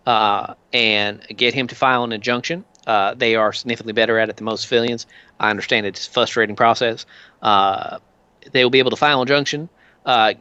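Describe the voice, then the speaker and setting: A man voicing a smooth, formal government official who keeps calling the listener sir. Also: mid-range voice, bright, forceful tone, no room sound, muffled recording, lightly acted. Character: smooth-talking male government official, slick.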